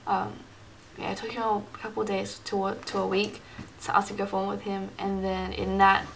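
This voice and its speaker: Creaky-voiced woman rambling on her vlog. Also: medium pitch, monotone, brisk, a little hiss or hum, poor audio. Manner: rambling, many fillers, acts out quoted dialogue. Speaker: Christian vlogger. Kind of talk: casual personal vlog.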